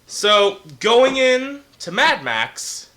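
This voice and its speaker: Man, high-pitched, very lively, bright sharp tone, put-on radio voice, constant swearing, casual co-host chat. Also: extremely slow. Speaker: co-host of a movie review.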